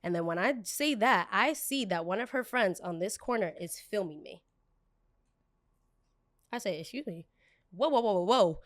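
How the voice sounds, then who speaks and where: A young adult woman hosting a podcast, retelling a story in a sassy, animated, dramatic way with quick bursts. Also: medium pitch, no room sound, studio quality. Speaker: podcast host. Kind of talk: casual storytelling.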